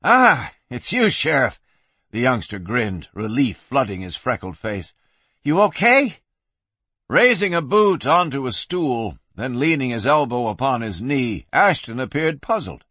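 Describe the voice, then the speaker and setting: A man narrating an audiobook with expressive storytelling. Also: medium pitch, normal speed, few pauses, no echo.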